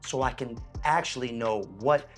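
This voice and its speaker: A man hosting a music reaction, talking in an excited, emotional way. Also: normal speed. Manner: animated, emotional, jumps in pitch.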